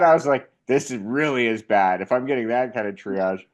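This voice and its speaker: A young man telling a funny personal story in a casual, animated way, acting out the voices of the people in it. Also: medium pitch, fairly quick, hardly any pauses. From Canada.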